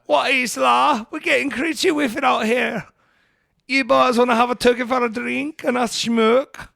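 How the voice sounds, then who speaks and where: A brash young Liverpudlian wrestler, as a man puts him on, shouting in a thick put-on Scouse accent with his voice pushed way up high. The delivery is lairy and mocking, in a dry room with no echo. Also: fairly even intonation, normal speed, gravelly, full character voice.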